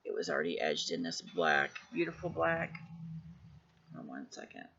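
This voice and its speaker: A woman casually showing off her tarot decks, gushing with effusive praise and sometimes dropping to a hushed voice. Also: extremely low pitch, big pitch swings, normal speed, creaky, highs cut off. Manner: drops to a hushed voice at times. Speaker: tarot deck reviewer. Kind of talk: casual show-and-tell vlog.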